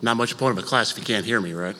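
Soft-spoken man lecturing in a reverberant hall. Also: fairly low pitch, fast talker. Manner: conversational, with fillers and light jokes; speaks softly. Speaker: estate planning attorney teaching a church class. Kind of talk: informal lecture to a congregation. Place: church auditorium. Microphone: microphone. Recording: long reverb of a large hall.

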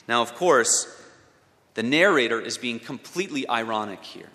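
A man's voice: medium pitch, animated, moderate pace, pushed and bright. A man giving a sermon as a pastor, asking his listeners questions and repeating words as he thinks. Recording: long hall reverb.

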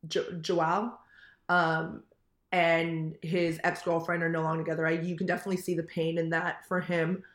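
A woman's voice: lowish voice, little pitch movement, moderate pace, echoey room. A woman co-hosting a casual reality-TV recap chat, talking candidly with many fillers and blunt swearing. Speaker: podcast co-host.

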